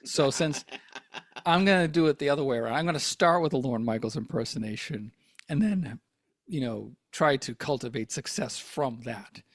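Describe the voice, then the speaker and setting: A man's voice: medium pitch, lively intonation, moderate pace, dry recording. A man co-hosting a comedy podcast, rambling in a self-mocking way full of fillers. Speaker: podcast co-host. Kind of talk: casual comedic chat.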